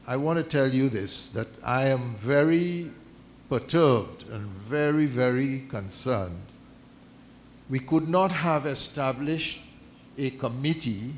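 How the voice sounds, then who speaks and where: A man speaking formally at a community meeting, measured and deliberate, stopping and restarting as he reads out a document. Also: medium pitch, a little hiss or hum. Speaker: mosque community representative addressing a meeting. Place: islamic centre meeting hall.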